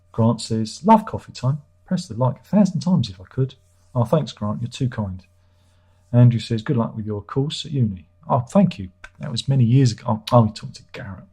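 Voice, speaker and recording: A man's voice: mid-range voice, dark tone, husky. A middle-aged man hosting a livestream in casual chat, reading viewer comments aloud and joking irreverently with plenty of swearing. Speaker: livestream host.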